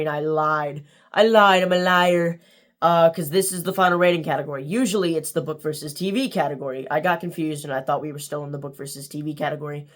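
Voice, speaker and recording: A man with a fairly high-pitched, monotone voice signs off a casual book review video. He rambles, full of fillers and restarts.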